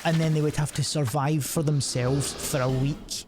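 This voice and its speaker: A man's voice: on the high side, steady tone, moderate pace, hardly any pauses, loud music behind the voice. A young man streaming a game, rambling and swearing as he laughs through casual commentary. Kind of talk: casual commentary over gameplay. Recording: noisy background.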